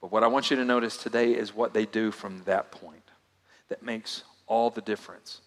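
A male pastor preaching a sermon, swinging from loud emphatic lines to hushed, quiet asides. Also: lowish voice, fairly even intonation, normal speed. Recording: long hall reverb.

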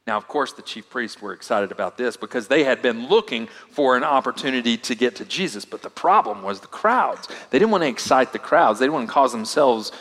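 A man's voice: mid-range voice, animated, a little fast, few pauses. Man preaching in a reverberant hall. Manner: dynamic delivery, swinging from loud emphasis to hushed asides. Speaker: pastor. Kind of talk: sermon.

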